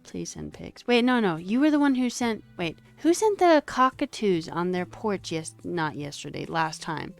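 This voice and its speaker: A woman livestreamer chats casually with her viewers between bits of coding. Her voice sits on the low side and her talk is loose, full of fillers and the odd swear. Faint music plays softly underneath. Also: moderate pace, vocal fry, few pauses. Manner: chatty and animated, lots of fillers and casual swearing. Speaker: streamer coding a website.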